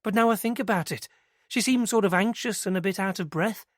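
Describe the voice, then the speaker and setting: The woman's voice here is mid-range and a little fast, pushed up but still natural, recorded at studio quality with no room sound. A man plays the part of an eager, nervous young adult British nursery worker, eagerly recounting what she saw in a chatty, hesitant, rambling way.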